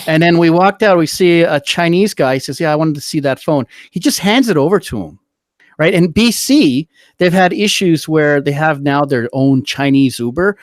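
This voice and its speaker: Middle-aged guy ranting on a podcast, kinda high voice, swears a lot, dry close sound. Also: no echo. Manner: profane, rambling, heated. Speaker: podcast host. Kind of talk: casual political chat.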